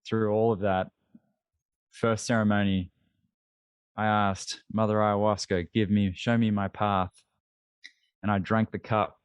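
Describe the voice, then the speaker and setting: A man in his thirties, a podcast guest, telling a long personal story in a candid, animated way with many restarts. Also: on the low side, dry recording. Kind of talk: storytelling interview.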